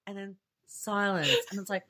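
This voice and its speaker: Her voice sits in the mid range with a sharp edge, delivered at a moderate pace. As a podcast co-host casually reviewing movies, she laughs frequently and curses freely.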